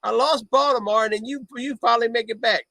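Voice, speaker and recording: A man's voice: extremely high pitch, steady tone, quick pace, gravelly, pushed and bright, no room sound. A man hosting a casual live stream, stammering and repeating words as he chats. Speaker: host. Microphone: video call mic.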